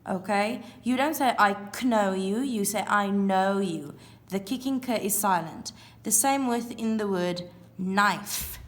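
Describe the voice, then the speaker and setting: A woman teaching a recorded phonics lesson to young children, sounding out letters and counting spaces aloud. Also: mid-range voice. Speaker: primary school teacher.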